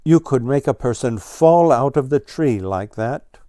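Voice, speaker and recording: Silly male blue jay bird, singsong repeating, storybook voice from a male reader, unhurried, dry close sound. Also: mid-range voice, animated, mellow, no room sound, close to an everyday voice. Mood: excited. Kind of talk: storybook read-aloud.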